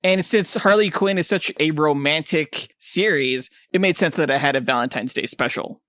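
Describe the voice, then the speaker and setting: An enthusiastic man co-hosting a comic book podcast, chatting eagerly about upcoming projects. His voice sits a bit higher than most men's. The sound is close and dry. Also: moderate pace, a bit bright, dry recording. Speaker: podcast co-host. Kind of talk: casual podcast chat.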